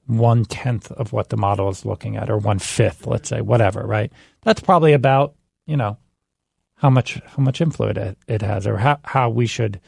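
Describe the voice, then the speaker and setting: A man talking through political data in a casual studio chat, with a gravelly, creaky edge to his voice. The sound is dry and close, with no room echo. He thinks aloud, often restarting his sentences. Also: mid-range voice, a little mellow. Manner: thinks aloud with frequent restarts and "you know". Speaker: managing editor on a politics podcast. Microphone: studio mic.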